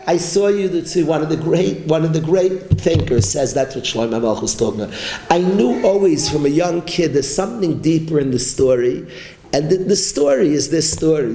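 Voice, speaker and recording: A man's voice: sits high, dark tone, echoey room, low-quality recording. A man, a rabbi, giving an impassioned Torah class to a learning group, repeating his points and mixing in Yiddish and Hebrew terms. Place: study hall with a learning group.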